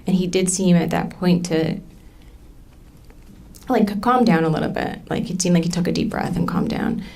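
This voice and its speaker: A woman in her thirties testifying in a courtroom, halting and full of ums as she recounts what happened. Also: on the low side, vocal fry, darkish tone. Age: 30s. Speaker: trial witness.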